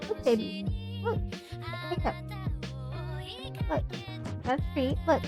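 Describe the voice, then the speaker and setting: A woman chatting casually on a live stream, laughing often and cooing at her cats in a high sing-song voice. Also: very animated, slow, music in the background. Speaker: livestreamer.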